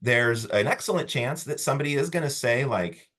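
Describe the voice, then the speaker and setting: A man teaching a college class, talking in an animated, storytelling way that often breaks off and restarts mid-sentence. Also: mid-range voice, a little fast. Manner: animated, storytelling, self-interrupting. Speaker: college instructor. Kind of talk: classroom lecture.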